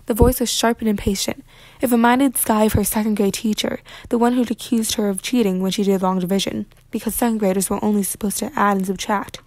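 A woman reading a children's novel aloud with lively, expressive narration. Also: mid-range voice, a little fast, dry recording. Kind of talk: read-aloud storybook narration.

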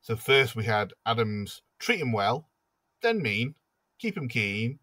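Bright, wry male podcast host. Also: mid-range voice, big pitch swings, slow pace, dry recording. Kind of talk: casual podcast chat.

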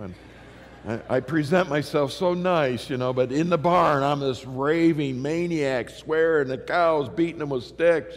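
A middle-aged man preaching a sermon, telling stories animatedly with many fillers and restarts. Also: mid-range voice. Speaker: pastor. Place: large church hall. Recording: long reverb of a church hall.

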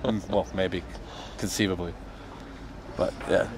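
A man's voice: sits low, steady tone, unhurried, background noise. A young man, a band member on tour, tells a rambling, profane story, laughing as he goes. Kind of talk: casual storytelling.

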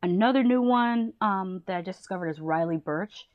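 A woman from the United States, a movie reviewer, chatting casually and enthusiastically while giving shout-outs to other channels. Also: medium pitch, moderate pace, dry recording, dull audio.

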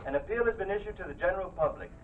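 An actor playing a radio newscaster reading local news in an even, formal manner, heard as a tinny radio from across the room. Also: male voice, sits high, racing, distant mic, a little hiss or hum.

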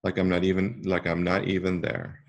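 A man voicing a stubborn, lonely tree girl who ran away from home, read softly and plainly. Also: low-pitched, completely flat delivery, brisk. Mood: upset.

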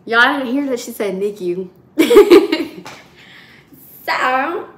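A woman in her twenties, a nursing student, telling her viewers a story in a chatty, animated way. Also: medium pitch, slight background noise. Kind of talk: casual vlog storytelling. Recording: roomy echo.

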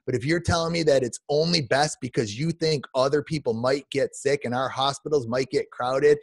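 A man's voice: medium pitch, normal speed, few pauses, breathy edge, dry recording. Fortyish male guest, emphatic impassioned rant, dry closely miked voice. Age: 40s. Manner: passionate, emphatic, many restarts and repeats. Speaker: podcast guest.

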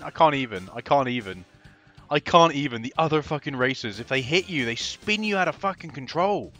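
Excitable swearing gamer. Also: male voice, medium pitch, a little fast, faint music behind. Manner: excitable, swears constantly, laughs often. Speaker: gaming video host. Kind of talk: gameplay commentary.

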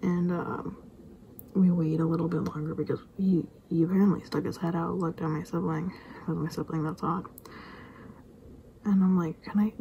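Woman whispering a rambly story, kinda low and gravelly, faint background hiss. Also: fairly even intonation, normal speed, long pauses, mellow, rough recording. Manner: rambling, self-interrupting anecdote with repeated sound effects.

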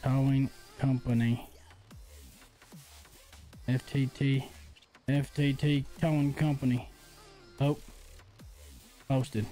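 A man's voice: mid-range voice, flat delivery, takes it slowly, long pauses, warm tone. A young man livestreaming a game, chatting playfully with his audience and his baby son, with faint music behind him. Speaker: livestreamer and father. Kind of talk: casual gaming livestream chat.

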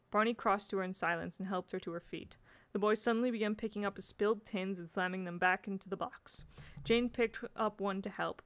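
Reading a children's novel as storybook narration, this amateur audiobook narrator has a creaky, medium-pitched female voice, and she sometimes stumbles and restarts her lines.

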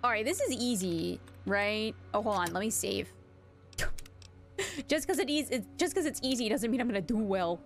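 A woman's voice: fairly high pitch, expressive, moderate pace, faint music behind. A young woman streaming a video game, chatting with viewers in a giggly, casual way and reading notes aloud. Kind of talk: casual live-stream commentary.

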